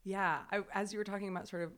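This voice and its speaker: A woman playwright chatting casually about rehearsals, animated and often laughing, with frequent restarts. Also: medium pitch, fast talker.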